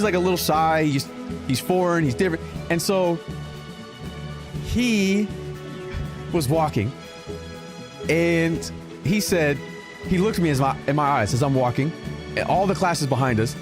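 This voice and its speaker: A young man streaming a game, telling a long story in a casual, animated way with many restarts. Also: on the high side. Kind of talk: casual storytelling while gaming. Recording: music playing in the background.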